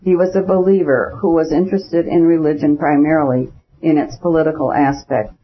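A man narrates a classic novel at a measured, even pace. His voice is somewhat high and husky. The recording is dull and lo-fi. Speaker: audiobook narrator.

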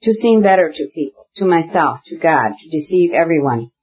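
A reader voicing Kitty, a proud young woman who speaks in impassioned, insistent bursts, with a husky voice. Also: medium pitch, lively intonation, fairly quick, muffled recording. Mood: furious. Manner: impassioned, insistent, repeating herself. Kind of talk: audiobook character reading.

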